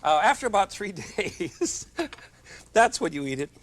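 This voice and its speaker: A man's voice: high voice, big pitch swings, unhurried, fairly bright tone. A middle-aged man hosting a television cooking show, chatty and jovial with joking asides as he demonstrates in a studio kitchen.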